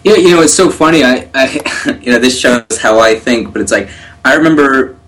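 A middle-aged man co-hosting a casual talk, telling stories quickly with repeated words. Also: mid-range voice, a bit bright, poor audio. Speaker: podcast co-host. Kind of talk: casual conversation.

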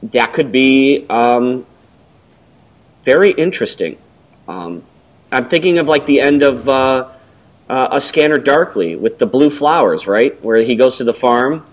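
A middle-aged man co-hosting a casual talk, rambling and hesitant, with many pauses and ums. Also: medium pitch, lively intonation. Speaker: podcast co-host. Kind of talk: casual conversation.

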